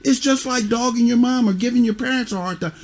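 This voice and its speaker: High-voiced middle-aged man as a tough mentor, scolding kids bluntly. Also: quick pace, a little mellow. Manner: scolding, repeats "huh?" and "you see what I'm saying"; blunt, curses. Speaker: youth mentor. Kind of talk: stern lecture to children.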